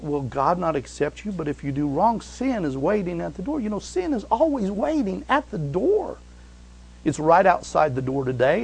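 Male preacher, husky and gravelly, animated sermon storytelling. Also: fairly high pitch, low-quality recording. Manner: animated storytelling, swings from loud to hushed.

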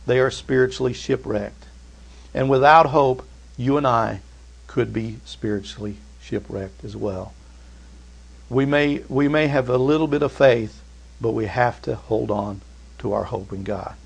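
A middle-aged man preaching a sermon, dropping to slow, hushed emphasis and climbing to loud, excited peaks. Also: medium pitch, gravelly, breathy edge. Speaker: pastor.

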